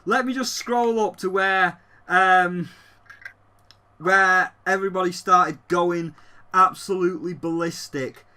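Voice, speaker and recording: A gaming YouTuber giving an excited, rambling recap of a games event, swearing freely. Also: mid-range voice, slow. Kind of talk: excited event recap while live on a call.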